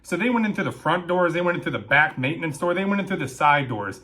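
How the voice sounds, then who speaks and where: A man telling a comic story about his days as a military police dispatcher, acting out the lines with sudden shouts and asides. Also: fairly high pitch, fast. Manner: animated, acts out quotes with shouting and asides. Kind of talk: comedic storytelling.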